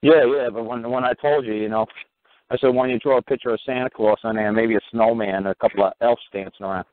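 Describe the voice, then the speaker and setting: A man's voice: medium pitch, steady tone, fast, no room sound. A middle-aged man with a New York accent, giving blunt, profane, emphatic advice on a call-in talk show. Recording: tinny phone line.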